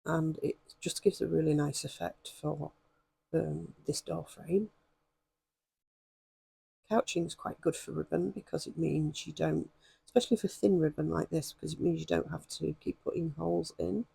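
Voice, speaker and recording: Hoarse, gravelly woman chatting. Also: sits low, steady tone, normal speed, dark tone, dry recording. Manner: rambling, self-deprecating, many ums. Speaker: craft vlogger. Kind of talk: chatty stitching demonstration.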